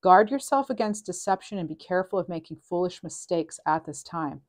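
Woman, tarot reader, casual channeled reading, lower voice, meandering, hesitant ums. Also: expressive, fairly quick. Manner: chatty and meandering, with frequent ums; reads card messages aloud.

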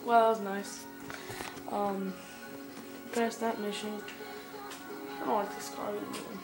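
A young woman giving casual gameplay commentary, excitable and quick to swear and yell at the game. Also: mid-range voice. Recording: echoey room, far from the mic, music behind.

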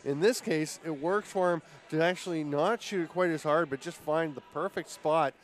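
Male color analyst, easygoing and explanatory, voice a bit higher than most men. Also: normal speed. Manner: relaxed analytical color commentary. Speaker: color commentator. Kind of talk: sports commentary.

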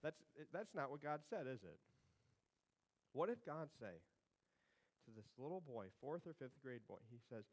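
A man's voice: medium pitch, big pitch swings, normal speed, pauses often, low-quality recording. A male pastor preaching a sermon in a conversational, humorous way, with sarcastic asides.

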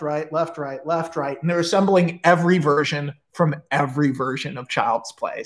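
An excitable man pitches a horror movie on a livestream, swearing freely and tumbling through the story in quick bursts. His voice sits high for a man. He restarts sentences as ideas pile up.

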